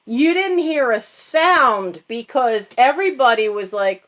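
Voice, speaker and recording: A woman's voice: sits high, animated, a little slow, hardly any pauses, fairly bright tone. A middle-aged woman telling a comic holiday story to her channel in a casual, self-mocking way, laughing as she goes. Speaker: channel host.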